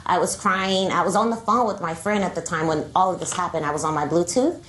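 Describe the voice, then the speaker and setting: A woman plaintiff testifying in a courtroom, retelling events in a rushed run of clauses full of "like". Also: lowish voice, fairly bright tone. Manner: rushed, breathless retelling with many "like"s. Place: television courtroom. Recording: echoey courtroom with faint noise.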